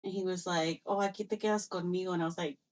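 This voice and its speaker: A young woman co-hosting a podcast, telling a personal story in a casual, animated way and acting out both sides of past conversations. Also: fairly low pitch, fast. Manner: animated storyteller, acts out quoted exchanges, mixes in Spanish phrases. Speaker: podcast co-host.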